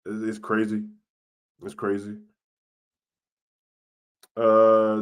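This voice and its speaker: A young man, chatting casually about wrestling on a live stream, slangy and animated, getting loud and then dropping soft. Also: fairly low pitch, slow pace, pauses often. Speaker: wrestling show host. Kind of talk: live-stream chat reading comments.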